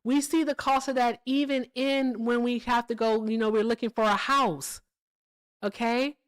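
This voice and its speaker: A woman hosts a live stream with blunt, emphatic, profane chatter and commentary, repeatedly checking in with "all right?" and "okay?". Her voice is a little high, clear and resonant, with a steady tone at a normal speed.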